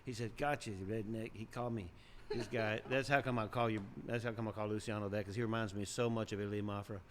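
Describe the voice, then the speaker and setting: A man casually telling funny stories, animated and often laughing, his voice jumping up at the punchlines. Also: fairly low pitch, quick pace, a little hiss or hum. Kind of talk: storytelling, casual chat.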